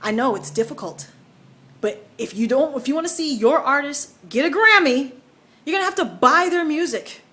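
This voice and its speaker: A woman's voice: sits high, expressive, moderate pace, sharp tone. A young American woman giving her opinions in a casual vlog, emphatic and conversational. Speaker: vlogger.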